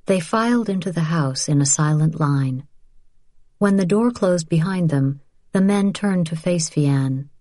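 A woman reading an audiobook in a calm, even narrating voice. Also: deep voice, a little slow, dry recording.

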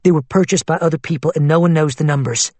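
A worried, skeptical woman questions and reasons in a level tone, as a male narrator voices her. The voice is husky. The recording is close and dry. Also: fairly high pitch, quick pace, a little mellow, no room sound, close to an everyday voice. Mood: reasoning.

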